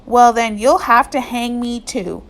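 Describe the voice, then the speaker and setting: A woman's voice: fairly high pitch, a little slow. A woman reading aloud voices a young female schoolteacher, speaking in a raised, urgent, pleading way. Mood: defiant. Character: brave young woman schoolteacher, frightened and defiant.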